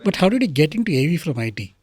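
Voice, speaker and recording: A man's voice: a little high, big pitch swings, rapid-fire, darkish tone, breathy edge, no room sound. A man interviewing a guest, asking short probing questions. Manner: brief prompts and probing questions.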